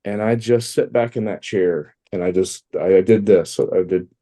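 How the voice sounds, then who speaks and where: A man's voice: low voice, moderate pace, warm tone. A middle-aged man from Texas, telling a personal story as a podcast guest in a candid, conversational way. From Texas, USA. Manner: candid and conversational, with frequent fillers and blunt asides.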